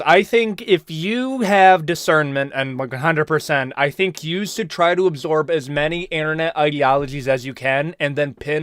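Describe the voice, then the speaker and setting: Young male streamer, bright, dry close sound, animated slangy rambling. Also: a little high, clear, resonant tone, no echo. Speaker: host. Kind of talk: casual live-stream chat.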